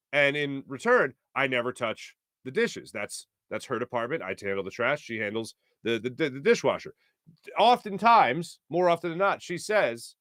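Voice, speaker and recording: A man hosting a sports talk show, chatty and quick to laugh. His voice sits at an ordinary middle pitch, recorded close and dry. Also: sharp tone, no room sound. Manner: chatty, jokey, laughs often. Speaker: sports radio host.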